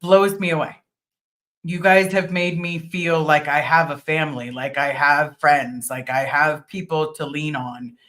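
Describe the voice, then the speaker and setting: A middle-aged woman chats casually on her livestream, reading viewer comments aloud and answering them one by one. Her tone is bright and clear, earnest and thankful, with plenty of ums and small restarts. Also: low voice, steady tone, a little slow. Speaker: livestream host.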